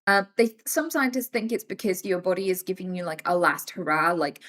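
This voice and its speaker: A woman in her thirties talking casually on a live stream, animated and swearing freely. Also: on the low side, fairly quick, few pauses. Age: 30s. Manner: animated and swearing, acts out quoted voices.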